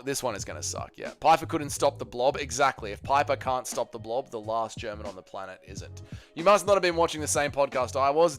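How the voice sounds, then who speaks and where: A man's voice: mid-range voice, a bit bright. A man hosting a livestream, reading out viewer comments and answering with crude, joking banter. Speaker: livestream host.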